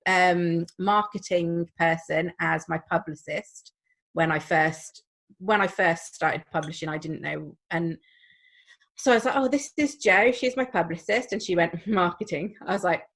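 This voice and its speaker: A woman, a crime writer on a panel, telling lively, embarrassing anecdotes and acting out the quotes over a video call. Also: lowish voice, a little slow. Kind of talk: casual panel chat.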